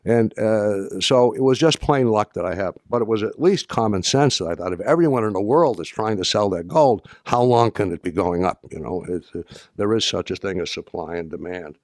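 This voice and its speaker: An older man tells a story to an audience in a low, unhurried-sounding voice, stumbling over restarts and slipping in dry humor. The sound is close and dry, with no room around it. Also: expressive, darkish tone, no room sound. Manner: halting, many restarts and fillers, dry humor. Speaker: speaker addressing an audience. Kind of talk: anecdotal talk.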